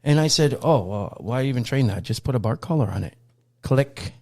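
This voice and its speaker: A man's voice: medium pitch, animated, normal speed, warm tone. Rambling male podcast host. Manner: rambling, loose, many fillers and restarts. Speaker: podcast host and dog trainer. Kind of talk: casual podcast chat.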